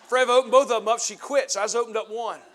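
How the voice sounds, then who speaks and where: Pastor guy, pretty high voice, middle-aged, goes from loud preaching to quiet storytelling. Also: steady tone, racing. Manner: swings from loud preaching to low confessional storytelling. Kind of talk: sermon. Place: church sanctuary.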